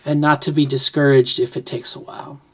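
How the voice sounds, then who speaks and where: A woman's voice: low-pitched, level tone, a little fast, husky. A middle-aged woman vlogging at home, casually explaining things to the camera and often correcting herself mid-sentence. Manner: rambling, self-correcting, thinks aloud. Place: home, near the kitchen.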